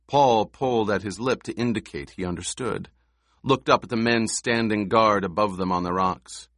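Deep-voiced male audiobook narrator. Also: normal speed, a bit bright, no echo, clean studio sound. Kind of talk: scripted narration.

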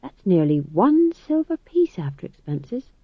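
A man's voice: sits high, big pitch swings, measured pace, husky, dry recording, phone-quality sound, exaggerated voice. A man doing a shrewd, money-minded young actor. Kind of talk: audiobook narration.

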